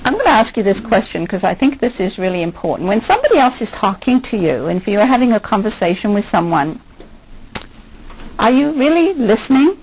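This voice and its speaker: A woman's voice: medium pitch, sing-song, a little fast, a little mellow, a little hiss or hum, rough recording. An older woman, a hypnotherapist, giving a conversational lecture and asking her listeners many questions.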